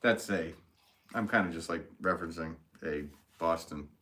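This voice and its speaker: A man's voice: deep voice, moderate pace, fairly bright tone. A man with a New England accent, hosting a casual livestream while he works, reading viewer comments, joking and laughing often.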